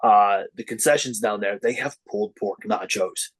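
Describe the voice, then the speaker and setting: A man's voice: moderate pace, slightly rough, low-quality recording. A middle-aged man, a wrestler guesting on a podcast, chatting casually and acting out the voices in his stories. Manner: storytelling, acts out quoted voices with lively pitch jumps. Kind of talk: casual chat.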